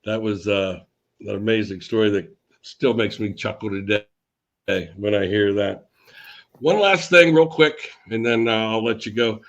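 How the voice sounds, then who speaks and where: A man hosting an interview, asking a relaxed closing question. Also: lowish voice, measured pace, muffled recording. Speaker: interview host. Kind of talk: casual interview.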